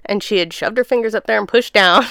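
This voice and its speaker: A young woman recounting her experience in a relaxed, animated chat. Her voice is smooth and clear at a middle pitch. The sound is dry and close. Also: fairly quick, no room sound. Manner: chatty, laughing, animated storytelling. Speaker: guest sharing birth story. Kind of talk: casual chat.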